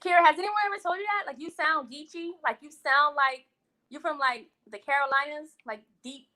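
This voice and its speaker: A West Indian woman hosting a live eating stream, chatting casually with viewers in a sassy, animated way and laughing often. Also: sits high, a little fast, rough recording. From West Indian, living in Brooklyn. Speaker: host of a live eating show. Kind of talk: casual live-stream chat, reading comments.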